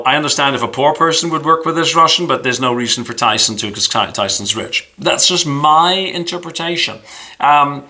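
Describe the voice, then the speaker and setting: Bright-toned man chatting about boxing. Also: medium pitch. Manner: chatty and self-deprecating, thinks aloud. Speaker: boxing channel host. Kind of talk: casual boxing news commentary.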